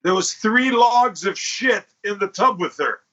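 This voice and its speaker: A man on a podcast, telling a crude story in a casual and animated way, swearing and acting out what people said. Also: high-pitched, a little slow. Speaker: podcast host. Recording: dull lo-fi podcast audio.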